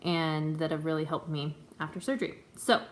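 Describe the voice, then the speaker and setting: A woman's voice: low-pitched, normal speed. A woman in her twenties talking in a chatty, self-conscious way, with lots of fillers, for a home video update. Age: 20s. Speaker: vlogger. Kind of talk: casual chat. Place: home room.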